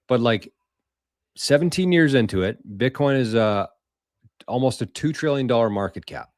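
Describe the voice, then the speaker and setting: A man's voice: mid-range voice, animated, normal speed, a little mellow, no room sound, clean studio sound. Loose, rambling man on a live stream. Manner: rambling, loose and profane, chatting with viewers. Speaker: podcast host. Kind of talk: casual live-stream chat.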